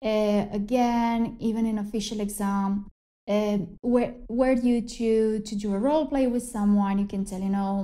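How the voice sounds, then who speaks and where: A woman with a Spanish accent, a native Spanish speaker teaching English in a relaxed chat, laughing often and correcting herself. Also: medium pitch, unhurried. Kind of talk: casual conversational lesson.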